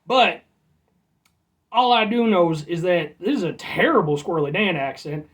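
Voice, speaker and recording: A man's voice: high voice, lively intonation, moderate pace. Man impersonating a drawling small-town Canadian man with an attempted rural Canadian accent; rambling, folksy comic impression.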